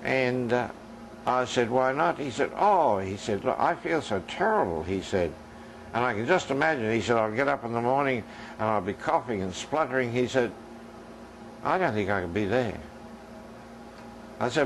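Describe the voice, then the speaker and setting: A man's voice: mid-range voice, animated, moderate pace, a bit bright, slight background noise, rough recording. A man preaching a sermon in a conversational style that rises into emphatic, questioning passages.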